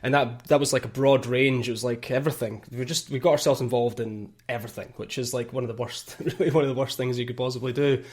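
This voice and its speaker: A Scottish man speaking as a guest on a podcast, chatting in a relaxed way, with many fillers and the odd laugh. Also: mid-range voice, quick pace, hardly any pauses. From Scotland. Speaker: guest, content marketing teacher. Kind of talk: casual podcast interview.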